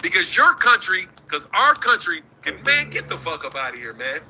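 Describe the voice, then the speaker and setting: A man's voice: fairly high pitch, very animated, moderate pace, creaky, pushed and bright, slight background noise, rough recording. A middle-aged man, hosting a boxing talk stream in a profane, combative rant. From United States. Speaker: boxing talk show host. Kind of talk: livestream rant.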